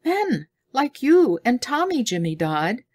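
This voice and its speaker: A woman reading an audiobook voices a frightened, dignified young jungle girl who speaks in high, breathless cries. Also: big pitch swings, slow, a little mellow, full character voice. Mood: urgent.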